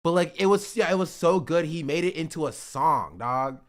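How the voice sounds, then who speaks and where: At a normal speed and with a fairly high pitch, a streamer casually comments on rap clips live. He chats freely, laughs a lot and sometimes lets out excited shouts.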